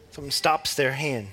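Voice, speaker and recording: Man giving a relaxed Bible teaching. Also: mid-range voice. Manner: relaxed and conversational, with small laughs and restarts.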